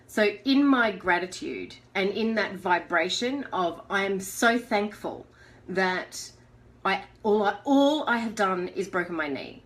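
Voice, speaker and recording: An Australian woman hosting a live motivational talk, telling a personal story with lots of laughter. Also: medium pitch. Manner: animated storyteller who laughs often; acts out her own inner voice in quotes. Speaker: host of a live motivational show.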